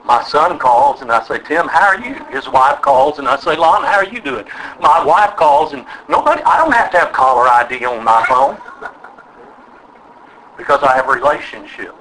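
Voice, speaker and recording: A man's voice: fairly high pitch, lively intonation, normal speed, sharp tone, rough recording. An older man preaching a sermon, emphatic and drawing call-and-response from his listeners. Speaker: pastor.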